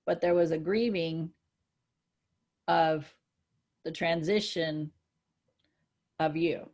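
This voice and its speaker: A woman co-hosting a casual spiritual chat, earnest and reflective, growing excited when she gives examples. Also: low-pitched, slow. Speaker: co-host.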